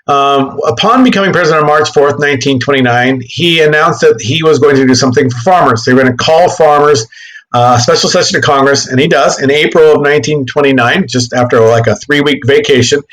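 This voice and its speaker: A man giving a history lecture in class, animated and joking, often correcting himself mid-sentence. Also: mid-range voice, low-quality recording. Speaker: history teacher.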